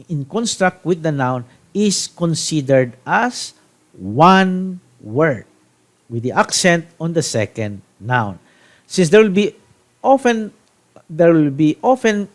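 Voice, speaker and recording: A man from the Philippines teaching a Hebrew grammar lesson, deliberate, checking in with "okay?" and restarting phrases. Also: mid-range voice. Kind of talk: classroom grammar lecture.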